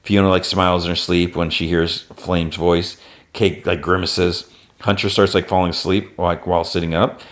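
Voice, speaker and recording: A man's voice: deep voice, level tone, normal speed, fairly bright tone. A man hosting a podcast, casually recapping a cartoon episode scene by scene. He uses a lot of "like" fillers and lifts his voice briefly when he quotes a character. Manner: retells plot with constant "like" fillers. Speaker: podcast host.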